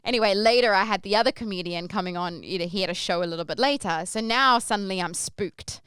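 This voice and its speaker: A young woman telling a story casually as a podcast host, animated and acting out the quoted voices. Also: mid-range voice, quick pace, clean tone, no echo, clean studio sound.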